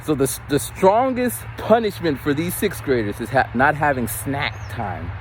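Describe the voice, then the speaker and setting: A man with a fairly high, very lively voice tells stories from his teaching work while he walks along a street. He swings into other people's voices with big leaps in pitch. Faint traffic noise sits behind him, picked up by a handheld phone. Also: normal speed, low-quality recording. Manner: animated, mimics voices with big pitch jumps. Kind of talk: casual storytelling while walking. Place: outdoors on a street. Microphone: phone camera held while walking.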